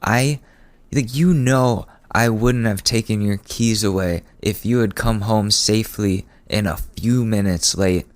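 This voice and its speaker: A man's voice: fairly low pitch, unhurried, no echo, lightly acted. A man mimicking his overbearing middle-aged mother as she scolds him in an exasperated, nagging way. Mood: scolding.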